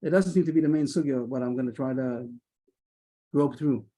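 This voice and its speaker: A man's voice: medium pitch, mellow. Hesitant man leading a Talmud study call. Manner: hesitant, many restarts, quick asides. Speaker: Talmud lesson leader. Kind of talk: thinking aloud through a Talmud text. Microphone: video call.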